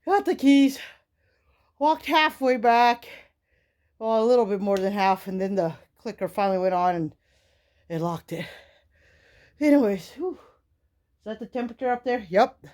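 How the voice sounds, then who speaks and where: Midwestern lady vlogging from a little winter shack, rambly and chatty, lots of ums, middle pitch. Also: expressive, normal speed, pauses often, a little mellow. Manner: chatty and rambling, with many fillers. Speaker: outdoor vlogger. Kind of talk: casual chat to camera. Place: small wooden shack in winter woods.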